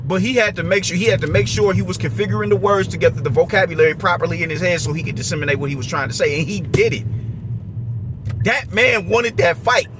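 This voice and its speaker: High-voiced New man ranting. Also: fast, background noise. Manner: profane, slangy, restless and repetitive. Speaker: boxing commentator. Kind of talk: casual commentary rant.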